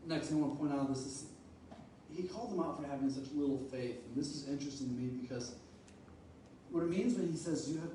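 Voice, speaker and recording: A man preaching a sermon who swings from soft, low talk to loud, pleading passages and acts out casual, playful asides. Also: fairly quick. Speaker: pastor. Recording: echoey room, mic at a distance.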